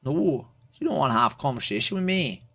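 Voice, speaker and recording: Irish man, streamer type, chatty and rambling, mid pitch, very lively intonation. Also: fast talker. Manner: rambling, heavy use of "like", casual swearing. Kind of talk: casual livestream chat with strangers.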